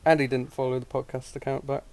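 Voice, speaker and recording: Guy cohosting a podcast, mid-pitched voice, snarky and laughing through it. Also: flat delivery, fast talker, darkish tone. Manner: mocking, profane, laughs a lot. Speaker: podcast co-host. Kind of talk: casual podcast chat.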